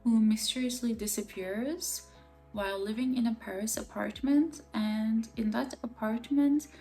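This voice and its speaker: A woman's voice: fairly high pitch, fairly even intonation, a little slow, dark tone. A woman chatting enthusiastically about a book in a casual vlog, full of fillers. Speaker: book vlogger. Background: faint music.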